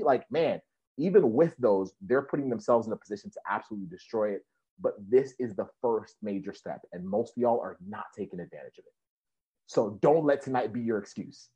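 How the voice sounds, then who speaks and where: A man's voice: medium pitch, a little mellow, husky. A man co-hosting a podcast and coaching students, talking casually and energetically, often repeating himself and laughing. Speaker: podcast co-host, physical therapist coach. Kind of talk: casual podcast talk to listeners. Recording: muffled lo-fi sound.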